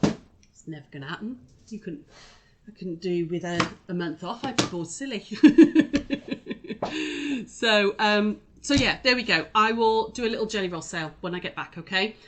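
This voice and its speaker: A woman's voice: medium pitch, lively intonation, normal speed, background noise. A woman hosting a casual live quilting demonstration, chatty and rambling as she talks straight to her viewers. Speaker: quilting shop host.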